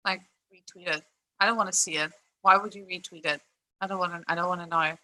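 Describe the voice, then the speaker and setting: A woman's voice: fairly low pitch, steady tone, fast talker, sharp tone, rough recording. A young woman streaming live, ranting in a frustrated, emphatic way, swearing and repeating her points while greeting chat.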